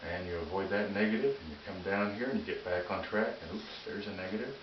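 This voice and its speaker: A man's voice: sits low, fast. A man hosting a motivational talk, earnest and prone to restarting his phrases. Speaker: motivational video host. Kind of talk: whiteboard-style motivational talk. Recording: echoey room, dull lo-fi audio with faint hiss.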